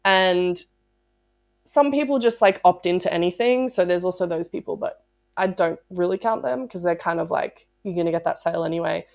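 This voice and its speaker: A woman's voice: fairly low pitch, normal speed, creaky, a little mellow. Bubbly, chatty woman giving sales advice. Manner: bubbly, chatty, with frequent "like" fillers and laughs. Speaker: sales coach. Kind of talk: casual motivational talk.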